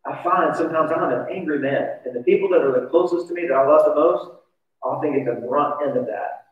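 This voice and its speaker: A man's voice: on the high side, fast. Male pastor, sermon, conversational and confessional, heard from far off on a dull, muffled recording. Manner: conversational, confessional, asks the audience questions. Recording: distant, echoey, dull church recording.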